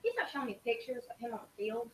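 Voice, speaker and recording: A woman's voice: on the high side, fast. Woman telling a story from across an echoey room. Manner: animated, acts out quoted lines. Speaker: student speaker sharing travel stories. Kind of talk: casual storytelling to a group. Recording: echoey room from a distance, faint hiss.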